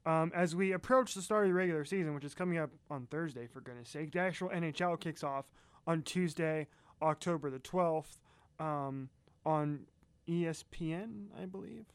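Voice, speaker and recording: A man's voice: on the high side, moderate pace, clear, resonant tone, no room sound. A man co-hosting a casual podcast, chatting in a folksy way and speaking straight to his listeners. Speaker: podcast co-host. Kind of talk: casual chat.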